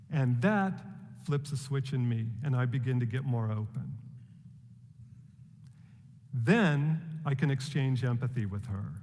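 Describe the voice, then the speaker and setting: A man's voice: mid-range voice, animated, a little mellow. Man speaking in a long-echoing hall. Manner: measured, deliberate, with rhetorical questions. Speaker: speaker giving a talk. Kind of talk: prepared public talk.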